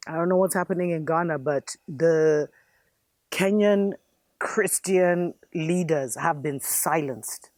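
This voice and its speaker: A woman's voice: low voice, darkish tone, no room sound. A woman host giving an impassioned spiritual commentary monologue, fervent and preachy, calling her viewers family.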